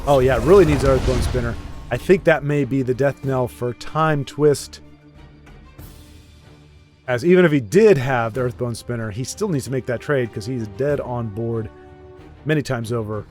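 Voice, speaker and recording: A man's voice: medium pitch, moderate pace, a little mellow, faint music behind. A man casually commentating a card game match, chatty and self-deprecating, rambling with frequent restarts.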